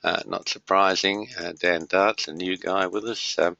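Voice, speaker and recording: A man's voice: deep voice, fairly even intonation, a little slow, vocal fry, sharp tone, dry recording. Man, middle-aged, webinar host, rambling and matey, dry close sound, dull lo-fi audio. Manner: rambling, many fillers, matey. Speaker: webinar host and trading tutor. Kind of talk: casual webinar greetings.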